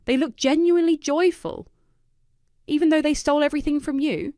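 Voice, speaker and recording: A woman's voice: high-pitched, a little fast, dark tone, dry recording, studio quality, voice pushed up, lightly acted. A woman playing a wry, teasing friend.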